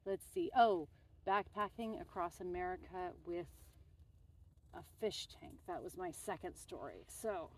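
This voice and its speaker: A woman's voice: on the low side, expressive, measured pace. A young woman telling rambling stories in a casual, chatty way while working on a fence outdoors. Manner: rambling, chatty, with many fillers and asides.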